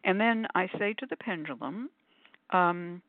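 A woman's voice: fairly low pitch, unhurried, no echo. A woman who runs a shop, chatting animatedly and acting out what people say as she demonstrates. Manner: chatty, animated storyteller, acts out quotes. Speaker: shop owner and pendulum teacher. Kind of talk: casual conversation, demonstrating. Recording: phone-like dry audio.

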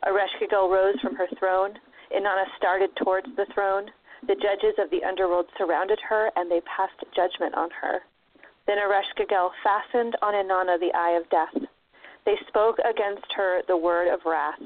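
A woman's voice: medium pitch, fairly even intonation, moderate pace, dry recording. A woman casually retelling an old myth, slipping into playful voices for the characters. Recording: tinny phone-line audio.

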